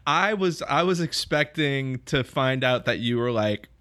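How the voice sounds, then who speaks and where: A man's voice: mid-range voice, animated, measured pace, a bit bright. A man hosting a podcast, reacting enthusiastically in casual interview chat. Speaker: podcast host.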